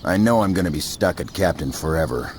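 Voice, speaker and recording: A very deep-voiced jaded captain. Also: male voice, animated, brisk, a little hiss or hum. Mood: gruff. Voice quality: blunt, cynical. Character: gruff jaded male fighter squadron captain. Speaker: squadron captain. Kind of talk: game cutscene dialogue.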